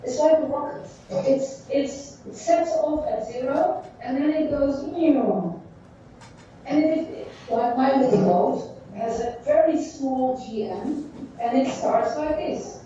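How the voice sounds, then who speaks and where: A woman teacher giving a classroom lecture, thinking aloud in halting phrases while she draws on a board. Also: high-pitched, warm tone, slight background noise. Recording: echoey dull room sound from far off.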